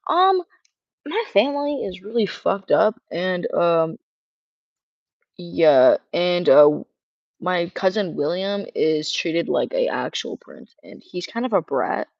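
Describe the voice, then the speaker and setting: Brief: feminine-sounding streamer, rambling rant with cursing, dull and dry mic. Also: female voice, on the low side, sing-song, slow, gravelly, no room sound. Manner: rambling, curses, reads chat questions aloud. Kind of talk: casual ranting livestream.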